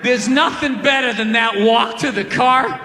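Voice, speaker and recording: A man doing stand-up comedy, ranting loudly and acting out people, with shouting punchlines. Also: very high voice, unhurried. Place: large comedy venue on stage. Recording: big hall with crowd and noise.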